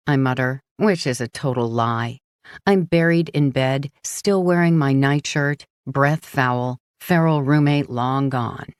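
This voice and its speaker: A woman narrating a first-person audiobook in a hushed, brooding manner. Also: rumbling low, takes it slowly, clean tone, no room sound, studio quality.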